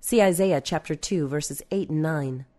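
A woman reads a religious book aloud as scripted narration. She is measured, and her voice turns lower and softer for the scripture references.

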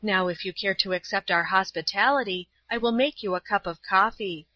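A woman doing a calm, kindly old woman. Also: mid-range voice, normal speed, highs cut off, slight background noise, close to an everyday voice. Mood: gentle. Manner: calm, gentle and tender.

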